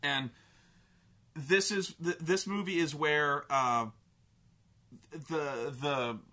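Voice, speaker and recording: A man's voice: a little high, drawn-out words, bright, forceful tone. A man ranting casually as a film reviewer, exasperated and profane, rambling with lots of fillers. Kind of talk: casual rant.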